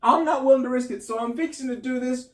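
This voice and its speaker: A man telling a comic story on stage, animated and breaking into high yelps and laughter. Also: quick pace, distant mic. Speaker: stand-up comedian. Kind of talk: storytelling stand-up.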